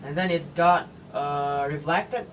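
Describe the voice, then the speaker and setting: A man's voice: a little high, slow pace, fairly bright tone. A man explaining a math problem step by step, with fillers and self-corrections. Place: indoor room. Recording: distant mic with air-conditioner hum.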